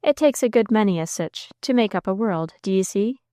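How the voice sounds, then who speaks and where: A gruff, kindly old sea captain, put on by a woman reading a storybook, drawling in a homespun country dialect. His voice sits at a middling pitch and sounds close and dry. He speaks in a low, confidential way. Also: animated, warm tone, dry recording, natural voice. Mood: folksy. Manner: folksy rural dialect, drawn-out and confidential.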